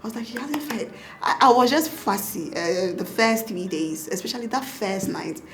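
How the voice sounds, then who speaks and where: An animated woman with a Ghanaian accent recounts her experience as a doctor and new mother, acting out her own past words and laughing between them. Her voice sits in a middle pitch, with faint background noise in the recording. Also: moderate pace. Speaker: doctor and mother telling her birth story. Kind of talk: casual interview storytelling.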